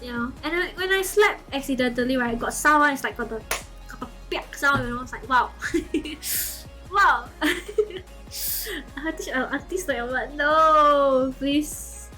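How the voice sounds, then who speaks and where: A young woman, casually telling a story to her chat, animated and giggly, full of okay and like. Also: sits high, slow, faint music behind. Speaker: streamer.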